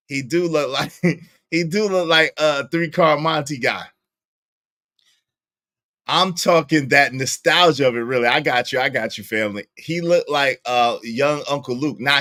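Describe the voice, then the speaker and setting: A young man with a Brooklyn accent, giving slangy, animated live-stream commentary and laughing often. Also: medium pitch, no room sound, clean studio sound. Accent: Brooklyn New York. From Brooklyn, New York. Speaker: streamer reacting to a show.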